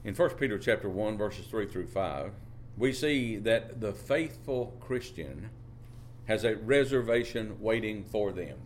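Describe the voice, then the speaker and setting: A man preaching a sermon, drawing out phrases and lifting his pitch on key words, reading scripture in old-fashioned wording. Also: animated, measured pace, slight background noise. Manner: reads scripture in King James wording.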